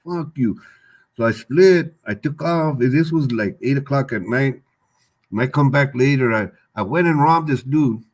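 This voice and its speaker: A man's voice: mid-range voice, normal speed. An older man, a guest on an interview show, telling his story candidly in streetwise slang, repeating himself and swearing freely. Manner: rambling, repeats words and phrases, swears freely.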